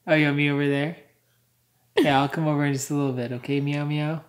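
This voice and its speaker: Jokey young dad chatting at home. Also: male voice, a little high, little pitch movement, fast talker. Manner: jokey, teasing, talks playfully to the unborn baby. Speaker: husband and father, vlog co-host. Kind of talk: casual home vlog chat. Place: family home.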